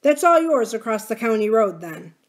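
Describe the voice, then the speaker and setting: Lady reading as a pompous county supervisor guy, sing-songy, talks down to kids, pitched up. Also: very animated, normal speed. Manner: sing-song, patronizing. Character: pompous middle-aged male county supervisor.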